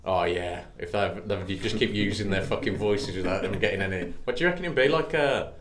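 A man's voice: on the low side, brisk, background noise. Sweary man in an echoey room. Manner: loose, sweary, jokey banter. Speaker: podcast co-host. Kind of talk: casual chat. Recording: roomy echo.

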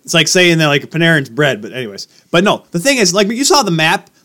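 Young male podcast co-host, high and animated, teasing, quick to rant. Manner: teasing, excitable. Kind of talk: casual sports chat.

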